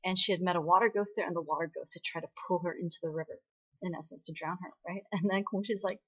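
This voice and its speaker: A woman's voice: on the low side, steady tone, fast, husky. A woman casually recapping a drama episode in a chatty way, often checking in with "right?". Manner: chatty, ends points with "right?". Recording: dull lo-fi recording.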